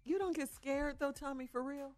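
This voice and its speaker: A woman's voice: sits high, normal speed, darkish tone, soft background music. A woman cohosting a radio morning show, talking in a playful, laughing way.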